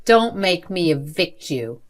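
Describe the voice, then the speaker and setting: A woman voicing a cold, contemptuous older grandmother who runs a school, in a lowish voice. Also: big pitch swings, slow. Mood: scornful. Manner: contemptuous and dismissive.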